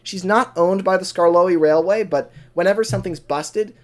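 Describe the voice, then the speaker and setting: A man chats animatedly as he brainstorms a story, rambling and laughing along the way. His voice sits fairly high for a man. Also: moderate pace. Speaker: podcast co-host. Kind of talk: casual story brainstorming chat.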